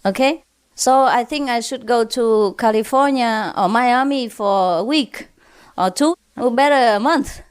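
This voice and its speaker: A woman's voice: a little high, unhurried, smooth, close to an everyday voice. A woman voicing a wife who sweetly coaxes her husband into a holiday. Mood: coaxing. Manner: wheedling, sweet-talking. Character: coaxing wife asking her husband for a trip.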